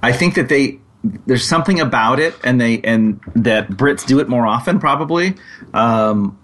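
A man co-hosting a podcast who talks casually and in a halting way, restarting his sentences as he thinks aloud. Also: mid-range voice, expressive, fairly bright tone. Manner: rambling, halting, many restarts. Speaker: podcast co-host.

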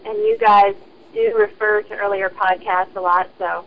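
A woman's voice: medium pitch, fairly even intonation, normal speed. A woman leaving a polite, chatty voicemail for a podcast. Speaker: caller. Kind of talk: voicemail message. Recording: muffled phone line with faint hiss.

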